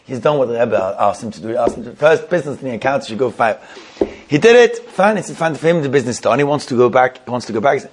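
A man's voice: medium pitch, animated, quick pace, background noise. A man telling a Hasidic tale, often repeating and restarting himself and using Yiddish terms. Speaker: storyteller.

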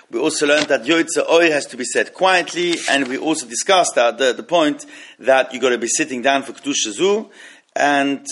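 A man's voice: mid-range voice, fairly bright tone. A man teaching an evening class on law, who chants Hebrew text and explains it in with hesitant restarts.

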